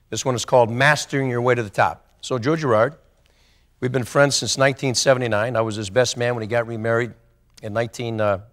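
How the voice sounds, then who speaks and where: An older man giving a motivational speech to a football team, telling stories in low confiding tones that swing into loud rallying bursts. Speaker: motivational speaker.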